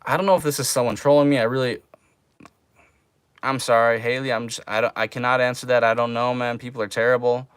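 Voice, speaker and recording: A man's voice: medium pitch, flat delivery, fast talker, a bit bright, smooth, no room sound, studio quality. A young man chatting casually on a livestream, laid-back and drawling, calling people man and bro.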